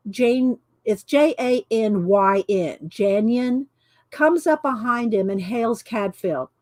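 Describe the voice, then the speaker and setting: A woman's voice: fairly high pitch, slow, darkish tone, no room sound. A woman, chatting casually on a livestream and reading cards aloud, stumbling over names as she goes. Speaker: channel host.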